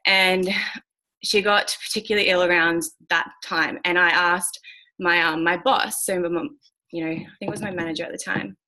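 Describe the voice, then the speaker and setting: A woman talking candidly as a guest speaker, with a fairly low, bright, forceful voice. She is blunt, swears now and then, and fills her talk with likes and ums. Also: fairly even intonation, moderate pace. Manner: frank and blunt, swears, many fillers. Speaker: guest speaker mentoring traders. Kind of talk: candid motivational talk on a call.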